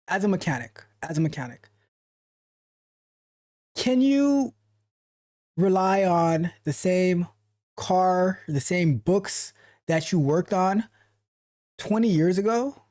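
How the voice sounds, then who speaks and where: A man's voice: high voice, a little mellow. A man coaching viewers on a casual coding livestream, pushing his points hard and circling back on his own phrases to drive them home. He chats loosely between points and reads comments from the chat. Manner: emphatic, motivational, repeats phrases for stress. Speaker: tech coach and livestream host.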